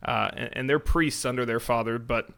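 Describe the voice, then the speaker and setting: A man co-hosting a church podcast, retelling a Bible story in casual, animated chat. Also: medium pitch, moderate pace, gravelly. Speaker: podcast co-host.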